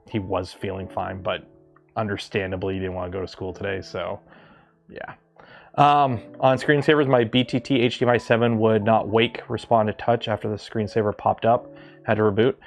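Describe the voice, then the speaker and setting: A man's voice: fairly low pitch, flat delivery, moderate pace, creaky, soft background music. Rambling man hosting a livestream. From Canada. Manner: rambling, full of ums and restarts. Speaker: livestream host. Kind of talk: casual livestream chat.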